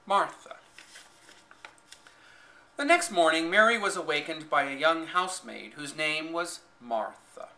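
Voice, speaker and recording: Expressive male audiobook narrator. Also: fairly high pitch, a little slow, long pauses, rough recording. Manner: expressive storytelling, voicing characters. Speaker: audiobook reader. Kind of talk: scripted narration.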